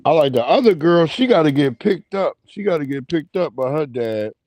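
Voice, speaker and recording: A man's voice: fairly high pitch, expressive, normal speed, a little mellow, dry recording. A man hosting a livestream, swearing freely and laughing as he tells stories and greets his chat. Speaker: livestream host.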